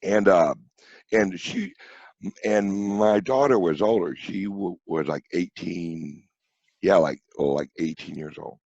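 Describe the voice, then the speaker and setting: Middle-aged man, low husky voice, slow blunt talk, dull lo-fi sound. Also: a little mellow, no echo. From St. Louis, USA. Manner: blunt, profane storytelling. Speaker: podcast guest. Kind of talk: casual chat.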